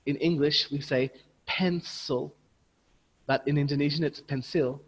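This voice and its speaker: A man leading an online teacher training, patiently modelling words slowly and repeating them for his audience over a video call. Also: fairly high pitch, steady tone, long reverb tail, rough recording. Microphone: computer mic on a video call.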